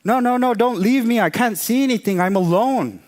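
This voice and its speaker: A man voicing a small, frightened young male mouse in a spoken folk tale, high and pleading. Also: expressive, fairly quick, lightly acted. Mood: panicked.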